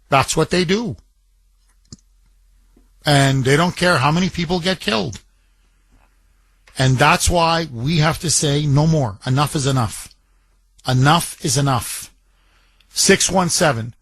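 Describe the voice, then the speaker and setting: A man's voice: on the high side, fairly bright tone, no echo. A man hosting a talk radio show, delivering an indignant, emphatic monologue and taking calls.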